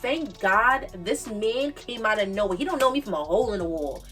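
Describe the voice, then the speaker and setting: A woman in her twenties from the Bronx, New York, with a New York accent, telling a storytime tale in an animated, emphatic way and repeating her points. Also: mid-range voice, a little fast, distant mic, soft background music. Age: 20s. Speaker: vlogger. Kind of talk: casual storytime monologue.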